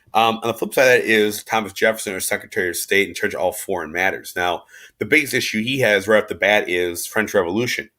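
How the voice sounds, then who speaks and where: Low-voiced man giving a casual history lecture. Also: pushed and bright. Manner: chatty and slangy, acts out quotes in everyday speech. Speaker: history teacher. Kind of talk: casual recorded class lecture.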